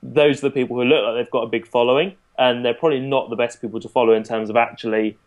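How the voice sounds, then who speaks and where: A man in a casual podcast conversation, talking through his coaching approach. His voice sits at an ordinary middle pitch. He explains at an easy pace, with plenty of "you know" and "um" along the way. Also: fast talker, highs cut off. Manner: explanatory, relaxed, frequent fillers. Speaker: fitness coach.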